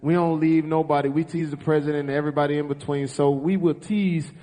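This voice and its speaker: A man's voice: a little high, fairly even intonation, fast talker, warm tone. A man hosting a live talk show, talking earnestly and rambling with many filler uhs. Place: ballroom stage before a live audience. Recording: echoey ballroom, long reverb.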